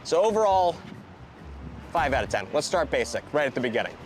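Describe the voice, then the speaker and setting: A man giving a casual food review in a video, excitable and profane, with quick asides. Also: fairly high pitch.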